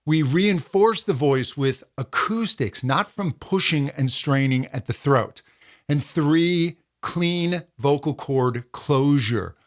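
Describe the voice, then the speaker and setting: A man as a vocal coach giving a singing lesson in a calm, deliberate, encouraging way. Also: a little high.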